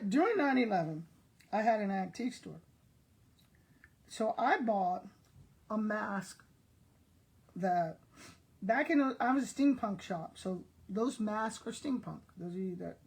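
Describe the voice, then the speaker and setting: An older woman with a husky voice tells rambling stories straight to her viewers. She is chatty and laughs often, and she keeps pulling the audience into the conversation. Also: mid-range voice, poor audio. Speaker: online seller and vlogger. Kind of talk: casual storytelling to viewers.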